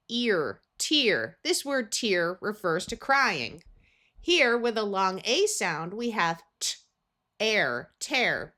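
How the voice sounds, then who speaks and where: A woman's voice: mid-range voice, bright, forceful tone. An American woman teaching a phonics lesson, sounding out words carefully in parts. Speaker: reading tutor.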